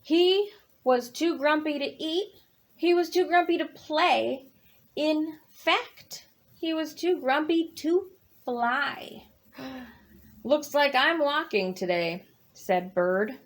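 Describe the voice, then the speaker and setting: Lady reading storytime to kids real slow, high voice, counts along, lots of gasps. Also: expressive. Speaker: children's librarian. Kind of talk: children's storytime read-aloud.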